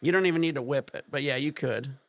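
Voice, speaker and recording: A man's voice: mid-range voice, fast talker, no room sound. A man, hosting a casual livestream, rambling and laughing often. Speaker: livestream host.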